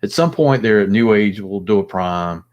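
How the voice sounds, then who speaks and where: A man's voice: fairly low pitch, animated, measured pace, highs cut off. A man hosting a casual live chat, rambling and thinking aloud with plenty of fillers. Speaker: host.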